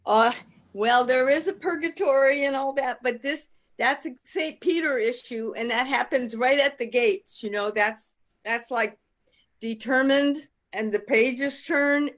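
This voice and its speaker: A woman's voice: high-pitched, measured pace. A woman playing a patient but stern angel instructor in an improv scene, explaining in long, meandering turns. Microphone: video call.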